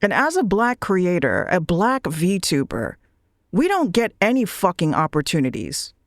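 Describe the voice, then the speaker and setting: A woman's voice: fairly low pitch, very animated, a little slow, dry recording, clean studio sound. A woman VTuber ranting bluntly, swearing often and repeating her points. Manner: blunt, profane, repeats phrases. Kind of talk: ranting monologue.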